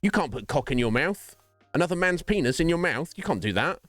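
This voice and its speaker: A man voicing a prim, shocked male company interviewer in a high, scandalised voice. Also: sing-song, fairly quick, fairly bright tone, no room sound, faint music behind.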